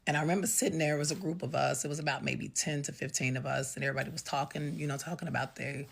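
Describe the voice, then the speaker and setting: A middle-aged woman speaks in a deep, breathy voice. She tells her story plainly, with pauses and fillers. Her delivery is raw and unpolished. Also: steady tone. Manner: raw, halting, conversational with fillers. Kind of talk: candid personal storytime.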